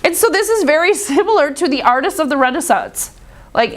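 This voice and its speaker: High-voiced joking woman teacher. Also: lively intonation, brisk. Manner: chatty, joking, acts out quoted voices. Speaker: history teacher. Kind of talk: casual classroom lecture. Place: classroom.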